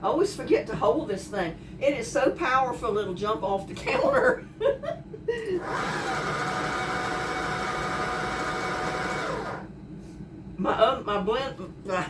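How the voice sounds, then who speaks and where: A woman chatting homily to viewers while cooking, heard through a camera mic set back in her home kitchen. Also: mid-range voice. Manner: chatty, homey, addresses viewers directly. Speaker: home cook vlogger. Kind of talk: casual cooking demonstration. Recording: echoey kitchen, distant noisy mic.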